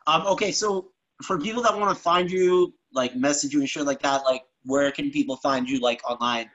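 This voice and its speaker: A man's voice: on the high side, moderate pace, fairly bright tone, muffled recording. A man hosting a casual podcast, laid-back, swearing freely and calling people "bro". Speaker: podcast host.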